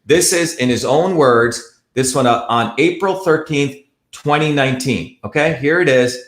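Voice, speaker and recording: A man's voice: medium pitch, normal speed, fairly bright tone. A man hosting a live online show, talking bluntly and combatively in heated, repetitive commentary. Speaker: livestream host. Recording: echoey room.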